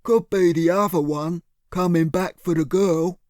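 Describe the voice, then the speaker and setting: Man doing a big dim henchman, slow rough drawl, distinct voice, dry audiobook. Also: sits high, fairly even intonation, a little mellow, no echo. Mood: plodding. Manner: slow, rough, says boss.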